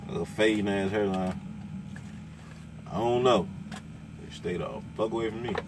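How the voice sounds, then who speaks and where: A man, a truck driver ranting loudly and cursing in casual talk from inside his truck cab. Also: lowish voice, moderate pace, background noise. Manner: loud, cursing, repetitive, laughing. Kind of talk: profane casual rant.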